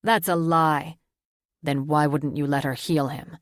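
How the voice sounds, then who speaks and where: A woman's voice: low voice, steady tone, unhurried, dry recording, clean studio sound. A woman reading an audiobook, voicing a loyal, solemn male soldier who speaks firmly and earnestly. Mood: defiant.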